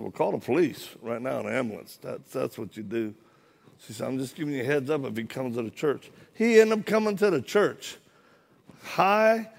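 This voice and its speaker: Gravelly-voiced man preaching with humor. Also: mid-range voice. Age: adult, former Marine. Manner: humorous, animated storytelling with acted-out dialogue. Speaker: guest preacher. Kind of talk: storytelling sermon. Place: church, live audience.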